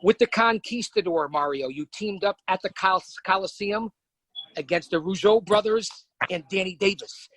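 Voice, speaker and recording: A man's voice: sits high, moderate pace, a bit bright, no room sound, poor audio. A man hosting a podcast, reading from his notes and emphatically quizzing his co-host. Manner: emphatic, addresses guest by surname. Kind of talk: interviewing from notes.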